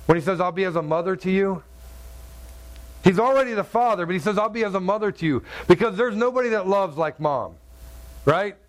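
A man's voice: sits high, lively intonation, fairly quick. A man preaching a sermon as pastor, talking in a conversational way, repeating words and asking his listeners to agree. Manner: conversational, repeats words, asks the crowd "right?".

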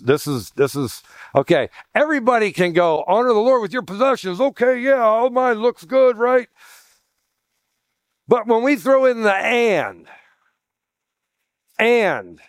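A man delivers a sermon as pastor, his voice sitting a little high for a man. He teaches in a conversational way, calling out to "guys" and restarting his phrases. The recording is dry, with no room echo.

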